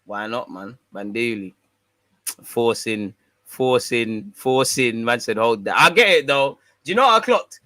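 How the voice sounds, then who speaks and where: A man hosts a fan livestream, answering viewer comments in laid-back, slang-heavy banter. His voice sits at an ordinary mid pitch. The recording is close and dry, with no room echo. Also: expressive, unhurried, bright, forceful tone. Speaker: fan channel host. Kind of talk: casual livestream chat, reading viewer comments.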